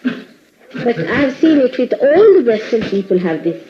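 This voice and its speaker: In an indoor ashram hall, a woman spiritual teacher talks to her followers, scolding them playfully and laughing often. Her voice is on the high side and sing-song, at a measured pace, captured on a dull lo-fi 1980s tape with background noise.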